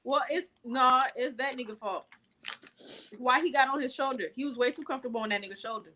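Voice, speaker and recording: A woman's voice: high-pitched, fairly quick, bright, forceful tone, a little hiss or hum. A woman co-hosting a casual talk show, speaking bluntly and rambling, with lots of filler words. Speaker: podcast co-host. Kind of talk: casual chat.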